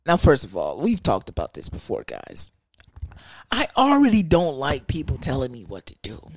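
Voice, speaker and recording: A man's voice: medium pitch, wildly swooping pitch, normal speed, no echo. A young man telling a profane, slang-heavy story rant.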